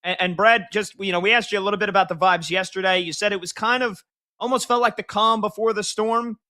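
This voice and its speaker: A man's voice: sits high, fairly even intonation, fast, sharp tone. A man hosting a sports radio show, giving score updates with casual asides and handing off to his co-host.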